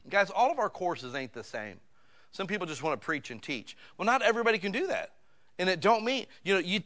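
A male preacher delivering a sermon with bright, ringing energy. His pitch sits high and leaps around, and his homespun phrasing drops to hushed asides before climbing into loud, urgent exhortation.

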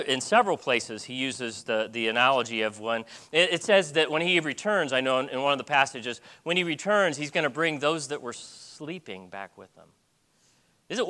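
Animated, bright-voiced male preacher. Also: mid-range voice, brisk. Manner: animated preaching with many restarts. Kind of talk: sermon.

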